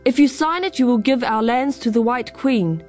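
A woman's voice: a little high, normal speed, a little mellow, voice pushed up, close to an everyday voice. A woman voicing an angry, defiant Māori man, the narrator's uncle, in a raised, insistent voice. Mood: angry, pleading. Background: music.

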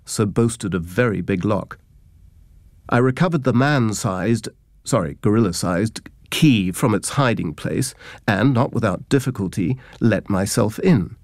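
A man's voice: fairly low pitch, a little mellow, dry recording. A man giving scripted narration of humorous memoir anecdotes, in a wry, dry, self-mocking storytelling manner.

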